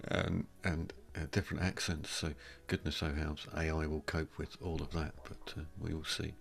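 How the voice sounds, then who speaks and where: A man's voice: very deep voice, flat delivery, normal speed, vocal fry. A man co-hosting a casual live stream chat, rambling and thoughtful, often trailing off. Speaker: co-host.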